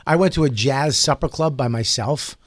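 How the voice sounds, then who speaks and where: Animated man telling comic stories. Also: mid-range voice, dry recording, clean studio sound. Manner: animated storyteller, quick laughs. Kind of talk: casual comedic chat.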